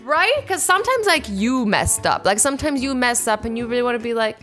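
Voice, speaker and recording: A young woman in her twenties doing a casual reaction vlog at home, bubbly and animated, acting out quick little scenarios. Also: on the high side, soft background music. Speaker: YouTuber reacting to invention ideas.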